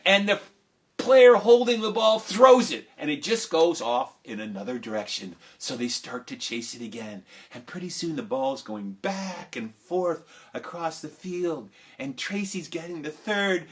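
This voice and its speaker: A male storyteller with a high, bright voice, telling a tale live. He is animated, jumping from excited calls to soft, hushed asides. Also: a little slow. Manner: animated, swings between loud cheering and hushed asides. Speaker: children's storyteller.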